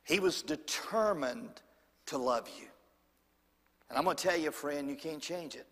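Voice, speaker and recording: A man preaching a sermon in church, swinging from loud and high to hushed and low. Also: measured pace, in a large hall. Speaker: pastor.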